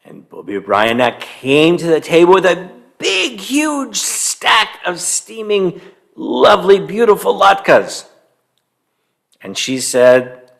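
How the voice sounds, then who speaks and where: A man telling a story to young children, animated and stopping to quiz them and have them join in. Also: on the high side, takes it slowly, creaky. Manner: animated, quizzes young listeners.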